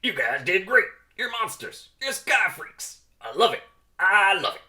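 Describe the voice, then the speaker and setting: A man doing a loud swaggering jock bee. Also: mid-range voice, big pitch swings, a little slow. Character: boastful macho young male pollen jock bee.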